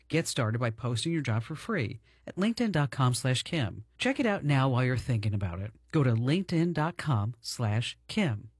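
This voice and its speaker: A man reading a radio ad in a smooth, persuasive way. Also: mid-range voice, no echo, clean studio sound. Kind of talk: read radio ad.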